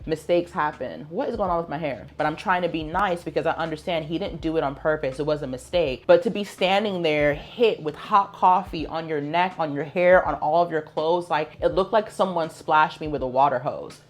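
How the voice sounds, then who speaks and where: A woman's voice: low-pitched, fairly quick, hardly any pauses. A young adult woman vlogging at home, casually telling a story to camera and acting out the dialogue of the people in it. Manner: animated, acts out dialogue of people in her story. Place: at home in her apartment.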